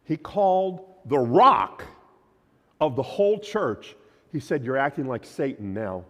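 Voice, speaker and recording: A man preaching a sermon as pastor, emphatic, his voice swinging from loud declarations to quiet, low lines. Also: animated, measured pace. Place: church sanctuary. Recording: long hall reverb.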